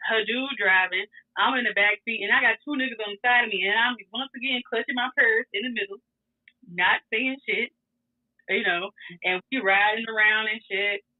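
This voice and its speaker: A young woman telling a story in casual chat, animated and profane, laughing as she goes. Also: on the high side. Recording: tinny phone-like sound.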